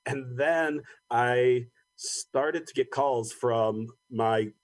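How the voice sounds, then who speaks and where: A man's voice: medium pitch, extremely slow, dry recording, poor audio. A man speaking earnestly and reflectively on a conference panel, sometimes repeating words as he thinks. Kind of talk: personal panel talk.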